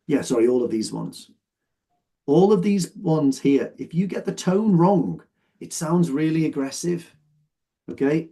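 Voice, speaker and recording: Medium in pitch and dark in tone, this teacher's voice guides an online English exam lesson. He patiently explains while sorting phrases and regularly checks that the students follow along.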